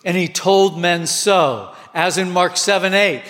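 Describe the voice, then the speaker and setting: A man preaching a sermon with passion, his voice climbing to near shouts at times. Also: high-pitched, very animated, slow, hardly any pauses. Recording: long hall reverb.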